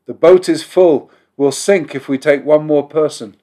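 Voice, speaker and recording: A man voicing ship's sailors, curtly shouting orders at a desperate passenger. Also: fairly high pitch, unhurried, voice pushed up, natural voice. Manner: shouting, curt. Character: gruff male ship's sailors in a crisis.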